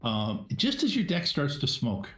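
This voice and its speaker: Male game master for a live tabletop stream, unhurried and halting, in an echoey room with faint music behind. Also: on the high side, huge pitch swings. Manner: halting, many fillers and restarts.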